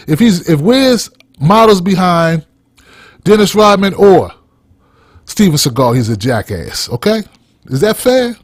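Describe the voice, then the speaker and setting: A man with a fairly high voice rants as a podcast host, heated and blunt, with constant swearing. The sound is dry and close, with no room around him. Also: dry recording. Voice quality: blunt, heated, heavy cursing. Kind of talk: profane opinion rant.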